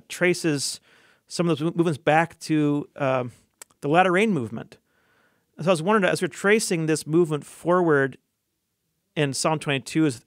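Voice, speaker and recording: Male host, curious and hesitant, fairly high voice, dry sound. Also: no room sound. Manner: hesitant, curious, many fillers. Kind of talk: interview questions.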